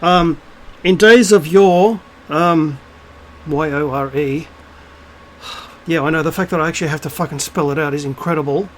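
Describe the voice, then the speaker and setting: A man's voice: a little high, normal speed, slight background noise, rough recording. A middle-aged man talking to camera in a casual, blunt and scornful rant, swearing freely. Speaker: spiritual vlogger. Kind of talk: casual ranting monologue.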